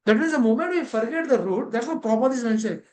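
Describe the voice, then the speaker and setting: A man's voice: extremely high pitch, animated, very fast, a little mellow, low-quality recording. A man gives a devotional scripture class over a video call. He keeps asking rhetorical questions and linking ideas with "that means.".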